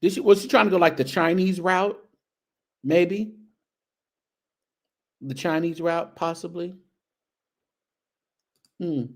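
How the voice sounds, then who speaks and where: A man's voice: high voice, fairly even intonation, takes it slowly, long pauses. A male show host giving casual, teasing commentary on outfits, sprinkling in churchy phrases. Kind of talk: casual fashion commentary on a video.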